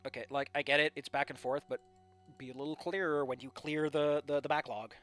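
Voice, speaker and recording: A man reading fan fiction aloud and breaking off into excitable, jokey asides and rants. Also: fairly high pitch, a little fast, faint music behind. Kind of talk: casual live commentary.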